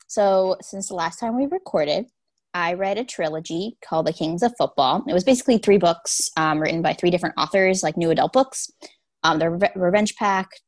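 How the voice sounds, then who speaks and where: A woman co-hosts a podcast in casual chat, giving a relaxed rundown full of ums. Her voice sits low, and the sound is close and dry. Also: dry recording. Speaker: podcast co-host.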